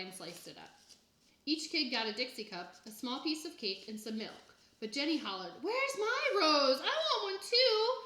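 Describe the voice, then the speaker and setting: A woman reads a children's chapter book aloud in an even, plain storytelling manner. Her voice sits a little high. The room adds a noticeable echo. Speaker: reader. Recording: echoey room.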